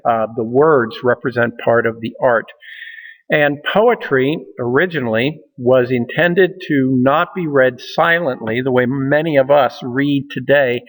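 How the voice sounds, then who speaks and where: A man teaching an introductory college literature lecture, explaining at a measured pace with frequent fillers like uh and um. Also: mid-range voice, long reverb tail, low-quality recording. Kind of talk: recorded lecture.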